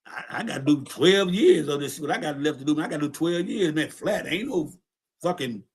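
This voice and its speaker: A man's voice: fairly high pitch, expressive, fairly quick. Profane streetwise man telling a story. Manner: streetwise, profane, repeats words. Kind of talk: casual storytelling.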